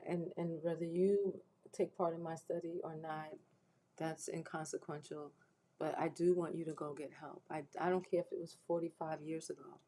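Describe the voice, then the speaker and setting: A woman's voice: sits low, dark tone, rough recording. A woman hosting a faith-based livestream, making an earnest, preacherly appeal with frequent restarts, emotional and close to tears. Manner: earnest, repeats herself with restarts, preacherly encouragement. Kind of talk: heartfelt spoken appeal to viewers.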